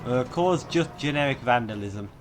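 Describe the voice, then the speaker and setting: A man's voice: medium pitch, animated, moderate pace, background noise. A young man giving playful gameplay commentary, mock-menacing and swearing often. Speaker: gaming YouTuber.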